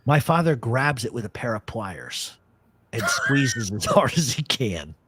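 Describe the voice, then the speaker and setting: A man's voice: medium pitch, very animated, unhurried, fairly bright tone, husky, dry recording. A man hosting a talk show, telling rambling, profane family stories and laughing along. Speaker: podcast host. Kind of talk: casual storytelling chat.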